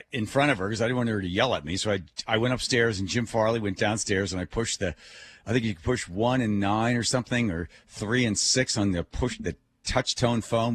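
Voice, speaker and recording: A middle-aged man co-hosting a radio talk show, telling stories with lively, animated delivery. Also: a little hiss or hum. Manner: animated storyteller, voices climbing high in acted quotes. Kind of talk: casual radio banter.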